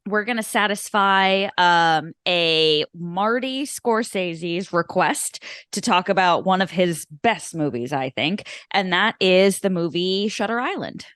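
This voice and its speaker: A woman's voice: lowish voice, animated, slow, fairly bright tone, smooth, no room sound, studio quality. A woman in her thirties co-hosting a film podcast, chatting casually with many fillers and self-mocking asides. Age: 30s. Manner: rambling, self-deprecating, lots of fillers. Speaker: podcast co-host. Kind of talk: casual chat.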